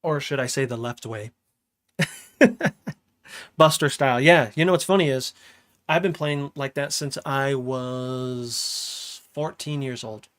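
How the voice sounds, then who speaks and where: A young man chatting casually on a livestream as he makes music, slangy and relaxed, often laughing. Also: medium pitch, unhurried, no echo, clean studio sound. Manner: laid-back, slangy, laughs often, talks while working. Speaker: music producer streaming. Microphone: studio microphone.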